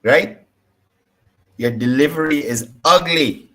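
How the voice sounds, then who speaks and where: A man's voice: mid-range voice, unhurried, breathy edge. A man with a Guyanese accent hosting a political talk show, combative and repeating his points for emphasis. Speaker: political commentary host.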